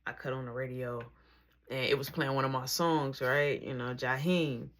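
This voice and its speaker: A woman telling a personal story in a casual, slangy way, with animated bursts and drops to near whispers. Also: very deep voice, moderate pace.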